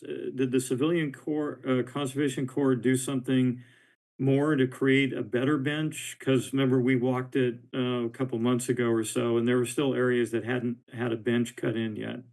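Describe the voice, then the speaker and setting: A man's voice: mid-range voice, level tone, normal speed, darkish tone, rough recording. A man with a mid-range voice speaks up as a member of a board. He asks questions in a loose, casual way, stumbling over words as he goes. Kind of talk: meeting discussion.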